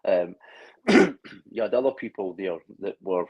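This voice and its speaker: A man's voice: low-pitched, very animated, unhurried, husky, lo-fi sound. A man in a casual online chat, talking in long rambling stretches with frequent restarts and blunt swearing. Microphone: video call.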